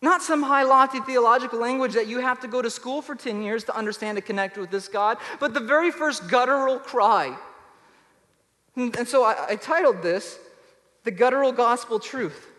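A man preaching with a high, bright-pitched voice, leaning hard on key words and then dropping to near quiet. His voice rings out with a long echo, as if recorded in a large church hall. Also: normal speed. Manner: emphatic, swings from loud to soft. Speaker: pastor. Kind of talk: sermon.

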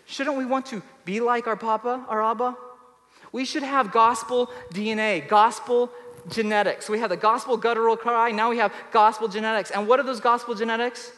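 A man preaching with a high, bright-pitched voice, leaning hard on key words and then dropping to near quiet. His voice rings out with a long echo, as if recorded in a large church hall. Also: fairly even intonation, a little fast. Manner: emphatic, swings from loud to soft. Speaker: pastor. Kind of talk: sermon.

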